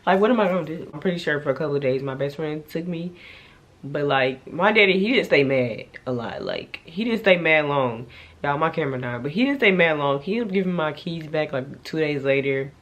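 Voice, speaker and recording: A young woman, telling a casual storytime to her camera, with animated swings between loud outbursts and hushed asides. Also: sits low. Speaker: vlogger.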